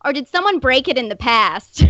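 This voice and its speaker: A woman's voice: high voice, big pitch swings, normal speed, fairly bright tone, dry recording. A British woman from the UK chatting casually as a guest on a livestream, giggly and a little self-conscious. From United Kingdom. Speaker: guest horror personality. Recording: dull muffled dry sound.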